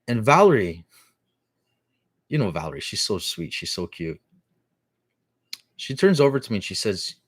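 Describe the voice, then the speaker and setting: A middle-aged man talks casually to his live-stream viewers, his low voice circling back on itself with fillers and restarts. The sound is dry and close, with no room around it. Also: sing-song, fairly quick, long pauses, no room sound. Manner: rambling storytelling with many restarts and fillers.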